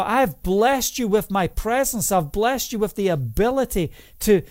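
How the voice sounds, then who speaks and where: A man with a high voice preaches his testimony. He shifts between quiet, low storytelling and loud, emphatic calls. The recording is dry and close, with little room sound. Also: no room sound. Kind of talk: sermon testimony.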